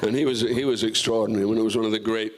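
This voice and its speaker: A man's voice: lowish voice, fairly even intonation, racing. An older man, a guest actor on a festival stage, telling career stories in a rambling way, full of restarts and asides. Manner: rambling, full of restarts and "you know", acting out quoted voices. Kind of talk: relaxed career storytelling on stage.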